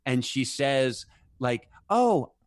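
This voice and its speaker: A man in casual conversation, telling animated stories, acting out the voices he quotes, and restarting his sentences often. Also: mid-range voice, a little fast, no echo, studio quality. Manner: animated storyteller who acts out quoted voices; frequent restarts and fillers.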